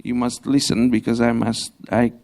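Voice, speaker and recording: A young man preaching a sermon in a church, pausing and restarting often, with grammar and the odd light laugh. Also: medium pitch, level tone, vocal fry, a little mellow. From Slovakia. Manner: halting, frequent restarts, non-native grammar, light laughs. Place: church hall.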